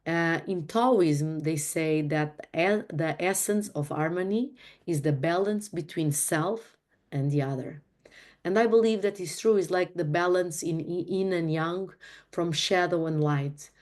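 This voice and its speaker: Earnest low-voiced woman teaching. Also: unhurried, a little mellow. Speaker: host leading a relationship talk. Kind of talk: reflective teaching talk.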